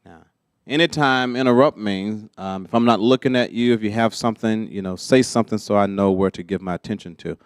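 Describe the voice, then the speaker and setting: A man's voice: on the low side, fairly quick, clear, resonant tone, dry recording, clean studio sound. A man leading a church teaching workshop, conversational and often checking that listeners follow. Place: church classroom.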